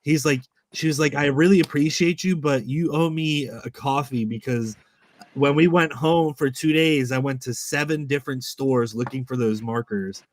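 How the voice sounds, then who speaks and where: A man's voice: mid-range voice, moderate pace. A man hosting a casual chat, animatedly telling convention stories and acting out quotes. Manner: animated storytelling with quoted voices and swearing. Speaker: channel host.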